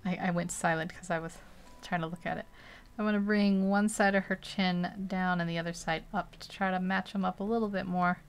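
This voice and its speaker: A woman's voice: lowish voice, fairly even intonation, brisk, few pauses, smooth. A young woman casually narrating as she paints a digital portrait, chatty and rambling, laughing often between thoughts. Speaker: digital art streamer.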